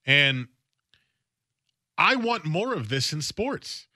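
Bright, forceful male sports radio host. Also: on the high side, very animated, takes it slowly, dry recording, studio quality. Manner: casual, opinionated, repeats words while thinking. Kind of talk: sports talk radio monologue. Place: radio studio.

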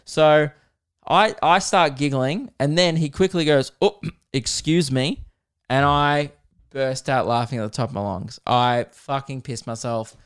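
Young man, solo podcast host, crude rambling storyteller, smooth clear voice. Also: medium pitch, measured pace. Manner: rambling, crude and self-mocking.

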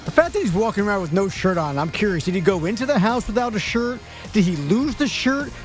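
A man's voice: high voice, expressive, fast, faint music behind. A man co-hosting a sports radio show, setting up topics with wry, teasing remarks. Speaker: radio co-host and producer. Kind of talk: casual sports talk.

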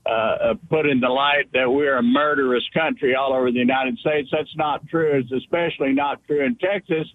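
A man's voice: medium pitch, steady tone, normal speed, few pauses. An older man calling in to a radio show, folksy and blunt, lecturing the guest. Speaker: caller. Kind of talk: call-in radio comment. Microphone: telephone. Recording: tinny phone line.

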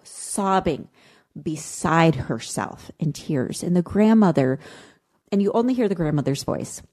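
Low-voiced impassioned woman podcaster. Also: expressive, a little slow, a little mellow. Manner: emotional, impassioned storytelling. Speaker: podcast co-host. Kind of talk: casual podcast chat.

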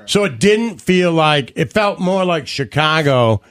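A man co-hosting a talk show, telling stories in a relaxed, chatty way. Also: on the high side, a little slow. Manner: storytelling, relaxed, uses "you know" a lot. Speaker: co-host. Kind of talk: casual studio chat.

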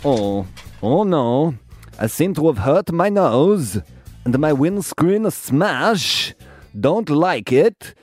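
A man's voice: fairly high pitch, sing-song, takes it slowly, a little mellow, dry recording, heavily acted. A worried Russian man frets about his nose and his insurance in clipped, broken phrases, as a male radio host acts him out. Faint music plays behind.

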